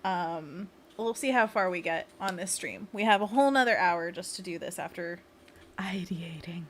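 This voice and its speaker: Her voice sits fairly low and comes across a bit bright, moving at an ordinary pace over a faint hiss or hum. She's a livestream host chatting casually and giggling while she plans designs and guides viewers through a hand stretch.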